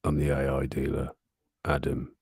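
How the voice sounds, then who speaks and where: A shady male dealer with a deep, hushed sales pitch, put on by a man, speaking with a conspiratorial, sidelong manner. The voice sits well below the man's normal speaking pitch. It sounds pulled back from the mic. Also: monotone, moderate pace, creaky, breathy edge, dry recording, clean studio sound, heavily acted. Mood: sly.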